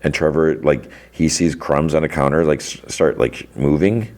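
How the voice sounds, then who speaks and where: A man with an extremely deep, low voice talks through his recap in a loose, rambling way. He leans on fillers and "like" as he goes, in the easy tone of a podcast host. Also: normal speed, a little mellow. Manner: rambling, filler-heavy, lots of "like". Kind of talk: casual recap chat.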